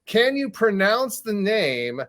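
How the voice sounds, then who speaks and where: A man co-hosting an online event, joking in a dry, deadpan way. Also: high-pitched, slow pace, slight background noise. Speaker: event co-host. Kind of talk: joking banter.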